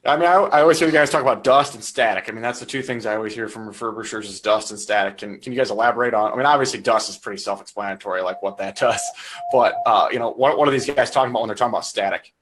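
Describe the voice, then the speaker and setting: A man's voice: on the low side, a bit bright, breathy edge. A man hosting a live stream and asking guests questions on a video call, with many fillers like "you know". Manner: quick, curious interviewer with filler words. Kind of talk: casual live-stream chat.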